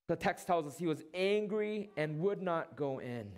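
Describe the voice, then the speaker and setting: The pastor's sermon comes in a high, expressive voice, full of rhetorical questions and pauses for effect. He briefly dramatizes each line he quotes.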